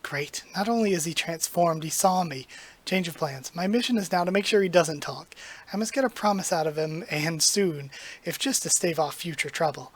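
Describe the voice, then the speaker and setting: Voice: medium pitch, normal speed, lightly acted. A reader plays a young witch woman with a secret, thinking aloud in a nervous, rambling way, spoken like a manga panel read to camera. The voice stays close to the reader's own. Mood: determined. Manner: anxious, rambling inner monologue.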